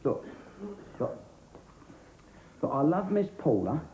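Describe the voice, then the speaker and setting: A man's voice: fairly high pitch, sing-song, slow pace, roomy sound, heavy background noise. A man playing a chirpy, flustered chauffeur in a sitcom. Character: cheeky Cockney chauffeur Jimmy, grown man. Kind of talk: sitcom acting.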